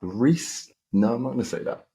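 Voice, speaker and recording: A young man telling a basketball story in casual podcast chat, animated and slangy. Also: mid-range voice, moderate pace. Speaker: podcast co-host, basketball player.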